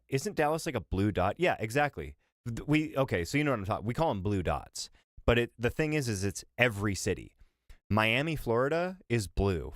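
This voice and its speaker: A man with a fairly low voice rambles through casual live-stream chat, swearing freely. His pitch swoops in a lively, animated way. The sound is dry and close. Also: no room sound.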